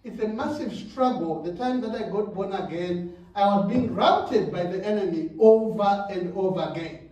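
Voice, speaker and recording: In a very echoey church hall, a man with a high, mellow voice preaches a sermon at a moderate pace, repeating words and laughing between phrases. The mic is placed at a distance.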